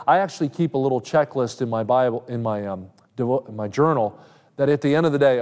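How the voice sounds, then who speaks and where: A man's voice: mid-range voice, fast, a little mellow. A man preaching a sermon as an evangelist, earnestly quoting Scripture at length and pressing his points with rising emphasis. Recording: long hall reverb.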